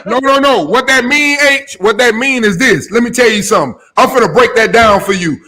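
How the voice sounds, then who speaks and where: A man's voice: very high-pitched, fairly quick. A man in a heated casual debate who talks animatedly and keeps cutting in to grab the floor. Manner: animated, interrupts with repeated "hey".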